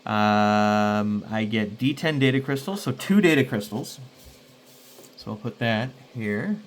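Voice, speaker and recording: A man's voice: on the low side, slow, a little hiss or hum. A man casually playing a solo tabletop game, rambling and thinking aloud to himself. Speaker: solo game player and host.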